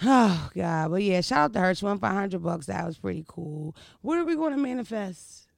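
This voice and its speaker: A woman, hosting a podcast and telling stories in a brash, profane, animated way. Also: medium pitch, moderate pace, gravelly, no echo, clean studio sound. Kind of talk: casual storytelling chat.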